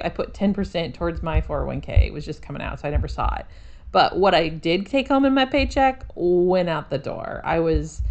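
A woman in her thirties co-hosts a podcast in casual chat. Her voice sits low for a woman. She talks in a chatty, self-deprecating way and drops in sarcastic asides. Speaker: podcast co-host.

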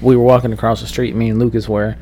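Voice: mid-range voice, flat delivery, fast talker, music in the background. A speaker making dry jokes in a casual, slangy chat.

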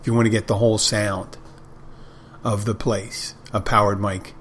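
A man's voice: fairly low pitch, level tone, moderate pace, fairly bright tone, slightly rough. A middle-aged man hosting a podcast, telling wry, rambling anecdotes in a casual monologue. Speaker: podcast host.

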